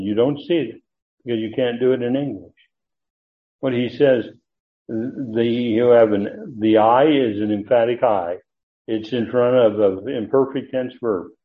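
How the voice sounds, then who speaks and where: A man teaching a verse-by-verse Bible study lecture, talking in a halting way with frequent fillers and restarts. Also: on the low side. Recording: tinny phone-like audio.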